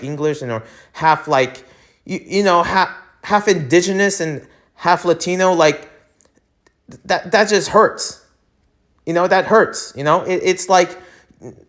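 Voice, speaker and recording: A man's voice: on the high side, fairly bright tone. Man ranting on his solo podcast. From United States. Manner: rambling, with many fillers and restarts; heated and emphatic when ranting. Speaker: podcast host.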